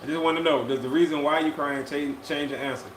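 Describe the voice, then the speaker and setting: A man co-hosting a casual live-stream chat, talking in a relaxed, drawn-out way and often repeating his phrases. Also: fairly high pitch, slight background noise. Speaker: podcast co-host. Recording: echoey room with faint ambience.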